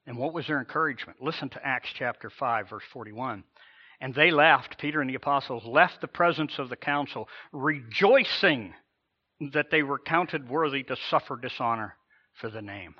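Male pastor, mid-pitched, preaching with drawn-out emphasis; slightly dull recording. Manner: emphatic preaching with dramatic slow pauses and pitch swells. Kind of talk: sermon.

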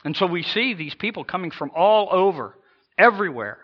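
A man's voice: high voice, big pitch swings, fairly quick, lo-fi sound. A man preaching a sermon with emphasis, rising and falling in intensity and acting out imagined voices. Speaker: pastor.

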